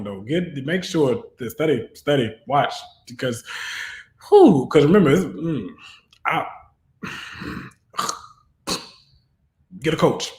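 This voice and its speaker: A man's voice: a little high, noisy background. A man giving an online tarot reading who talks in a preachy, fervent way and often rises into exhortation. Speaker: tarot reader. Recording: roomy echo.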